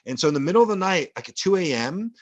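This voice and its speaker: A man's voice: sits high, animated, fast talker. A male professor giving a rambling, anecdotal classroom lecture full of fillers.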